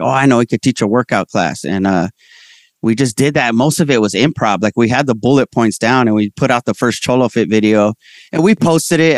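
A man talking as a comedian guest in a casual interview, telling stories in slangy, animated speech and voicing the people he quotes. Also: medium pitch, no room sound, clean studio sound.

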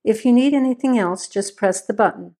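A woman's voice: fairly high pitch, a little fast, mellow, lightly acted. A woman reading as a matter-of-fact night nurse.

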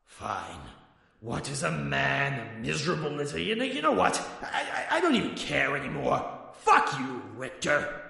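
A man playing Dracula, a high, gravelly diva vampire. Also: sing-song, moderate pace, hardly any pauses, echoey room, in a large hall, heavily acted. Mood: deflated, sulking. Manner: melodramatic, whiny, shouting indignant rants. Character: vain theatrical vampire lord, male, ancient, petulant.

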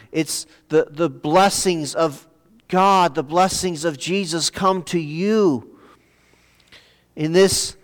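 A man delivers a sermon at an unhurried pace, often repeating a word or two as he gathers his thought. His voice sits a little high and sounds clear and resonant. It rings out in a church with a long, lingering reverb. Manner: halting, repeats words while searching for phrasing. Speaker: pastor. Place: church sanctuary.

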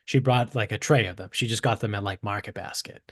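A man around thirty with a Boston accent, co-hosting a podcast and telling stories in an animated, profane way. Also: lowish voice, fairly quick, no room sound, clean studio sound. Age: 30s. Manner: animated, swearing storyteller. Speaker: podcast co-host. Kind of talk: casual chat.

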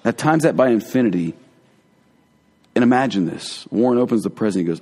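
A man giving a conversational, earnest sermon as a pastor, dropping to hushed tones for emphasis. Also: fairly low pitch, animated, brisk, long pauses. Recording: long hall reverb.

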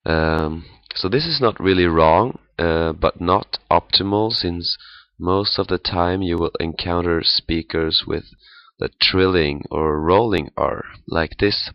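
Slow deep-voiced man teaching pronunciation. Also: dry recording, lo-fi sound. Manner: halting, many fillers, demonstrates sounds. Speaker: language teacher. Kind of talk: pronunciation lesson.

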